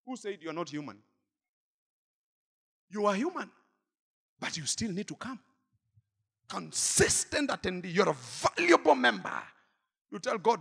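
A male pastor preaching a sermon in church, swinging from shouted exhortation to quiet asides. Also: high voice, big pitch swings, normal speed, creaky, long pauses, husky, big-room sound. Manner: dramatic, swings between shouting and murmuring asides.

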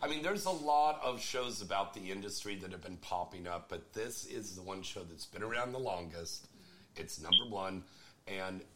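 Joking guy hosting a call-in show, bright voice, swings his pitch around a lot. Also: expressive, moderate pace. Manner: loose, joking, crude. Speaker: radio show host. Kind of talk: casual talk show banter.

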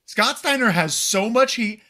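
A man co-hosting a casual wrestling recap podcast, animated and swearing freely as he acts out what people said. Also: very high voice, measured pace. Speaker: podcast co-host.

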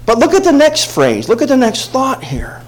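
A male pastor preaching a sermon, telling a personal story with dramatic swings from hushed tones to shouts. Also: very high voice, wildly swooping pitch, moderate pace, poor audio.

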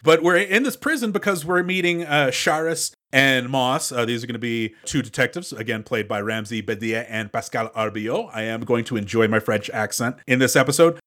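A man's voice: medium pitch, normal speed, few pauses, a bit bright. A man co-hosting a podcast, chatting casually about a movie and laughing easily as he talks. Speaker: podcast co-host. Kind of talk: casual movie-review chat.

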